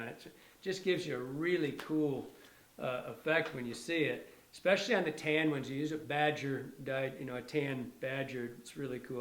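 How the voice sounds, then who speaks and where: A man's voice: fairly high pitch, a bit bright, roomy sound. A middle-aged man casually demonstrating fly tying, rambling and restarting his sentences with enthusiasm. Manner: rambling, self-correcting, enthusiastic. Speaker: fly tier, instructor. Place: fly shop tying bench.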